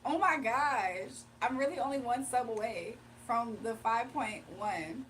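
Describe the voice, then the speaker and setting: Young woman, casual live streamer, slangy and giggly, high-pitched, light noise under the mic. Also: a little slow, a bit bright, recorded from a distance. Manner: chatty, laughs often, slangy. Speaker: livestream host giving spiritual readings. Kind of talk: casual livestream chat, reading viewer comments aloud.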